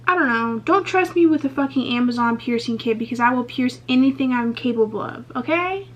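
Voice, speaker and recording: A woman's voice: on the high side, animated, brisk. A young woman vlogger in a casual get-ready-with-me Q&A, chatting candidly and swearing freely, full of "like" and "um". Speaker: beauty vlogger. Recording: slightly muffled lo-fi recording.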